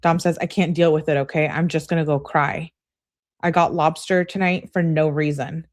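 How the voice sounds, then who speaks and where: A woman hosting a true crime channel, reading a couple's text messages aloud in a brisk relay and adding blunt, conversational asides. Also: sits low, steady tone. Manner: reads messages in a brisk running relay of who-said-what.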